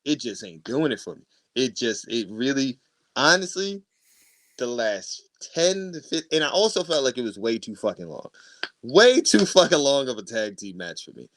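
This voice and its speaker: A man co-hosting a wrestling podcast in casual chat, animated and quick to swear and laugh. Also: medium pitch, no room sound. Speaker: podcast co-host.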